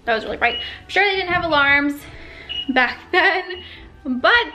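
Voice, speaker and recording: A young woman vlogs from her bedroom with a high, bright voice. She talks casually and dramatically, tossing in quick exclamations. Soft music plays faintly behind her. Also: expressive. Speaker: vlogger. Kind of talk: casual chat to camera. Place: home bedroom.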